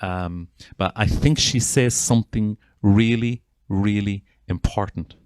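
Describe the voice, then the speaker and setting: Earnest Irish man with a low voice. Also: takes it slowly, a little mellow, clean tone, dry recording. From Ireland. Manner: earnest and heartfelt, with frequent restarts. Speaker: gestalt psychotherapist giving a talk. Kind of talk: informal talk to an audience introducing a video.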